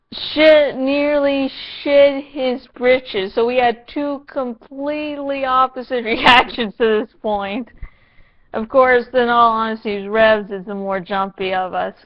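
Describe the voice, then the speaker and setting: Slow, sarcastic woman vlogger. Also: a little high, steady tone, muffled recording. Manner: sarcastic, profane, playful. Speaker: vlogger reviewing a TV episode. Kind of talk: casual review vlog.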